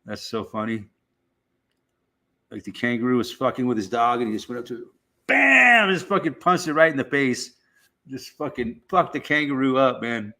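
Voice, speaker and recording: A man's voice: mid-range voice, fairly quick, a bit bright. A middle-aged man hosting a casual live stream, rambling and swearing in a laid-back way.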